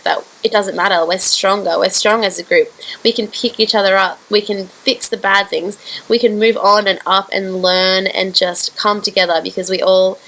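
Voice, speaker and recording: Earnest woman with vocal fry. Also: medium pitch, fairly bright tone, rough recording. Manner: earnest, heartfelt, rambling with fillers. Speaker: online group founder. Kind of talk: direct-to-camera video message.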